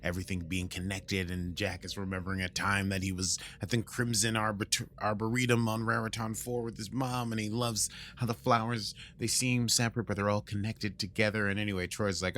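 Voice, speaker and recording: A man's voice: on the low side, little pitch movement, brisk, hardly any pauses, a bit bright, a little hiss or hum. A man hosting a podcast, casually recapping an episode and breaking into sung lines and silly voices. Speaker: podcast host.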